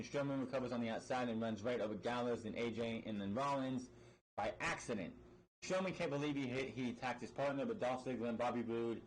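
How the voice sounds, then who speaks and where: A man reviews a wrestling episode at speed, blunt and sarcastic, cursing as he goes and repeatedly restarting sentences between fillers. His pitch is medium, and the rough recording has some hiss or hum.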